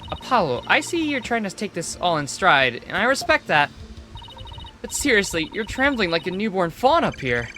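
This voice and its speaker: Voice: mid-range voice, sing-song, normal speed, pushed and bright, soft background music, pitched above the performer's own voice. A streamer voicing a cheerful, teasing teenage girl magician while reading a game aloud. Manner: bubbly, teasing, upbeat.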